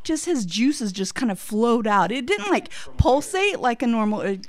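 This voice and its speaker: A woman in a casual group chat, talking in a halting, giggly way full of fillers. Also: on the high side, big pitch swings.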